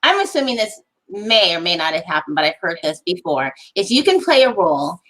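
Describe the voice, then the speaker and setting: A woman's voice: on the low side, very animated, a little fast, a bit bright, rough recording. A woman hosting an interview, asking loosely phrased, conversational questions with fillers. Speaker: interview host. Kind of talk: casual interview chat.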